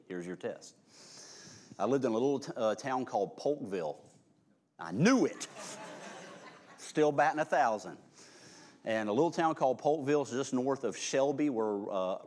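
A man's voice: low-pitched, darkish tone. A man preaching a sermon, reading scripture aloud with rising emphasis and breaking off into folksy, joking asides to his congregation.

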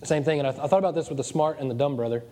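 A man's voice: a little high, racing, dark tone, a little hiss or hum. A man preaching a sermon as pastor of his church, joking and digressive as he goes. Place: church hall. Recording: long church reverb.

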